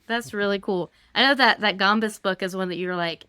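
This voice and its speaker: A woman hosting a casual interview, asking relaxed, friendly questions with some fillers. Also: mid-range voice, a little fast, hardly any pauses, smooth, dry recording. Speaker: interview host.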